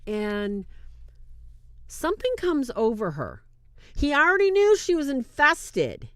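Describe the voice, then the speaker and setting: A woman talks through a film's plot in a chatty, conversational way. Her pitch swings widely as she narrates. The sound is dry and close. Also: huge pitch swings, slow pace, a bit bright, dry recording. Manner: retells scenes with acted-out quotes, chatty. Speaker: movie reviewer. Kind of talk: casual film recap, live-streamed.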